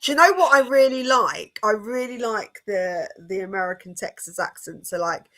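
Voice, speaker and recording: A woman's voice: medium pitch, lively intonation, normal speed, pushed and bright. A woman with a British English accent, a guest on a casual livestream chat, chatty with frequent restarts. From England. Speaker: guest channel host.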